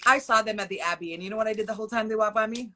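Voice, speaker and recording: A woman's voice: a little high, racing, slight background noise. A young woman guest in a casual interview, telling personal stories and acting out what people said. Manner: expressive, acts out quotes in stories. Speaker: guest, model and stylist. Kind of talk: casual chat.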